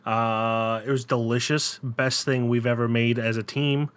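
A man's voice: medium pitch, little pitch movement, a little slow, fairly bright tone, smooth. A man co-hosting a podcast in casual chat, rambling with fillers. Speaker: podcast co-host.

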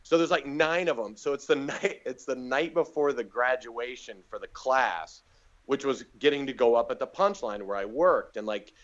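A man's voice: medium pitch, normal speed, muffled recording. A man, a comedian, telling stories in a casual podcast chat and acting out the people he quotes. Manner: animated storyteller doing quoted voices. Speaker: guest comedian. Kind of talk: casual storytelling.

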